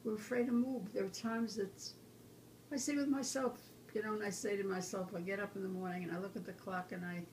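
A woman's voice: medium pitch, a little fast, a little hiss or hum, poor audio. A woman in her nineties, a grandmother talking to her grandson about her life in an earnest, storytelling way. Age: 90s. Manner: animated, acts out remembered quarrels in a raised voice; earnest, drops to a quiet hush on life lessons. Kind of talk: reflective personal storytelling.

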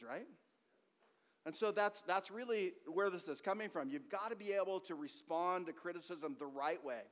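Animated male pastor in a reverberant church. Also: high-pitched. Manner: animated, conversational preaching with asides to the congregation. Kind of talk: sermon. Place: church sanctuary. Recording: long reverb of a church hall.

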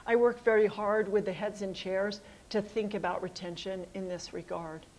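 A middle-aged woman, a college dean, answering audience questions in a hall, a little hoarse and pausing with ums and uhs. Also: medium pitch, steady tone, slight background noise. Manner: thoughtful, with frequent ums and uhs. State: losing her voice a little. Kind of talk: public address with audience Q&A. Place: assembly hall.

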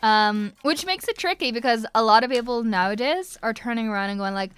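A woman's voice: on the high side, a little fast, smooth, dry recording. A young woman from Northern Ireland with an Irish-transatlantic accent, chatting giggly and effusively as a voice actress answering fan questions. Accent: Irish-transatlantic mix. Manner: giggly, effusive, rambling with many fillers. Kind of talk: casual livestream Q&A.

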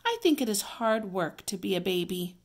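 A woman voicing an eager, curious little girl in a read-aloud storybook, with high, excited squeals. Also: normal speed.

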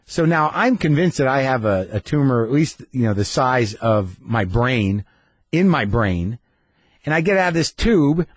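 A man's voice: mid-range voice, slightly rough, no echo. A man hosting a podcast, telling a comedic story in an anxious, rambling, sardonic way. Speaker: podcast host.

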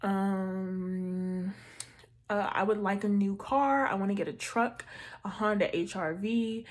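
A young woman in her twenties talks straight to her viewers in a loose, slangy way. Her delivery is chatty and animated, full of asides and jokes, with a middle-pitched voice. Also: slow pace. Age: 20s. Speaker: budgeting vlogger. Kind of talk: casual chat.

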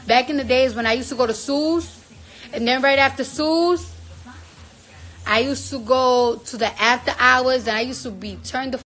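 A woman's voice: high-pitched, moderate pace, a bit bright, low-quality recording. A woman chatting casually on a livestream, blunt and profane, cooing at her baby now and then. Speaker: livestream host.

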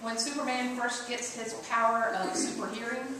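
A woman's voice: a little high, flat delivery, normal speed, pushed and bright. A woman pastor giving an interactive sermon, playfully coaxing the congregation to join in. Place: church sanctuary. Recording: echoey church recorded from far off, noisy.

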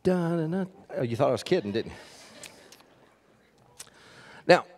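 A man's voice: mid-range voice, expressive, unhurried, husky. A man pastor praying and preaching to his congregation, with folksy, joking asides. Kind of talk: sermon with prayer. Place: church sanctuary. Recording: church hall reverb.

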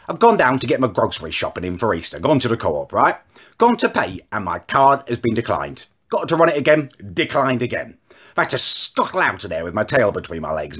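A young man rants to camera at home in an indignant, self-important tone. His voice is forceful and a little husky, and his pitch swings widely from line to line. He sounds like a comic vlogger. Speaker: comedy vlogger. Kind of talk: ranting comic monologue to camera. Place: home, indoors.

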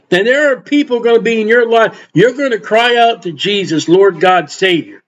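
High-voiced older preacher, dull lo-fi sound. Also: male voice, moderate pace, few pauses. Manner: folksy, acts out quotes, asides. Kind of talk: informal Bible sermon. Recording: dull lo-fi recording.

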